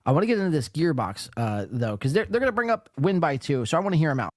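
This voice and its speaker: A man's voice: fairly high pitch, big pitch swings, fast talker, darkish tone, no room sound, studio quality. A man hosting a casual reaction chat, talking in fits and starts, swearing and stumbling when flustered. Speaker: podcast host.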